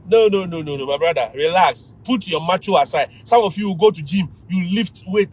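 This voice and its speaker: A man with a Ghanaian accent, a teacher giving lively advice to fellow teachers on a livestream, often laughing and mimicking students. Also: high voice, a little fast, hardly any pauses, slight background noise, low-quality recording.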